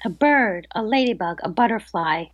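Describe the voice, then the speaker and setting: A middle-aged woman, a medium being interviewed, who tells stories in a lively way and acts out the voices of the people in them. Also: mid-range voice, normal speed, no echo, highs cut off. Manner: animated storyteller, acts out quoted voices. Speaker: psychic medium guest. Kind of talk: casual interview storytelling.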